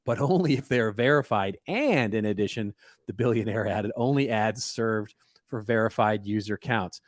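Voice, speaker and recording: A man's voice: fairly low pitch, moderate pace, dry recording, clean studio sound. A man co-hosting a casual podcast, reading news stories aloud and breaking in with wry asides. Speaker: podcast co-host.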